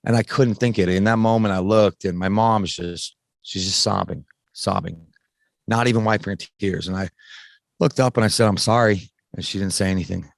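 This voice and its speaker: Low-voiced man telling a raw story. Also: normal speed, vocal fry, dry recording. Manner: casual, swears freely, restarts sentences. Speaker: podcast guest. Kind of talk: candid personal story in conversation.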